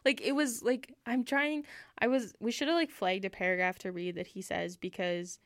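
A woman's voice: mid-range voice, flat delivery, normal speed, dry recording, studio quality. A young Canadian woman chatting casually about a book, laughing often and using lots of fillers. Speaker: book podcast co-host. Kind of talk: casual chat.

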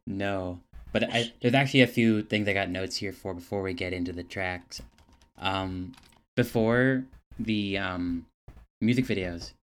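A man's voice: deep voice, measured pace, clean tone. A young adult man co-hosting a podcast, chatting in a wry, matter-of-fact way. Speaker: podcast co-host. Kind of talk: casual chat. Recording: noisy mic.

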